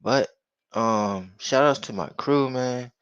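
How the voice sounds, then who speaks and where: A man's voice: mid-range voice, slow, a bit bright, clean tone, dry recording, dull audio. A man hosting a casual sports talk show, laid-back and drawling with lots of fillers. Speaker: host.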